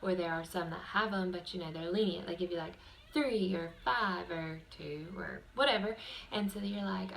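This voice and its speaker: Rambling young woman with a gravelly edge. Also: fairly low pitch, normal speed, fairly bright tone. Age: young adult. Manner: chatty, rambling, with many fillers. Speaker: vlogger. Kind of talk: casual chat to camera. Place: bedroom.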